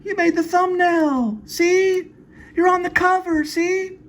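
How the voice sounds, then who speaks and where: Guy doing a creepy high-pitched dream woman, falsetto, singsong. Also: steady tone, takes it slowly, fairly bright tone, slight background noise, exaggerated voice. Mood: eerie.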